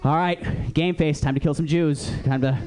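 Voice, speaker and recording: A man's voice: on the high side, steady tone, normal speed, a little mellow, a little hiss or hum, voice pushed up, natural voice, poor audio. A comedian playing a weary grown man who dreads the villain role he is stuck in, grumbling and resigned.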